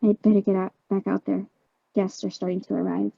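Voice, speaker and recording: A woman's voice: medium pitch, little pitch movement, brisk, creaky, slightly rough, no echo, voice pushed down. A woman voicing an earnest young female princess pony who speaks with restrained sadness, recorded on a dull, dry home mic. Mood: heartbroken.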